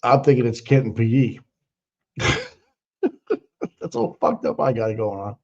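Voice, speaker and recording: A man's voice: medium pitch, fairly even intonation, measured pace, darkish tone. A man hosting a livestream, talking in a blunt, rambling way with a lot of swearing. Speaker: livestream host. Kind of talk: casual profane livestream commentary. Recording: dull lo-fi audio.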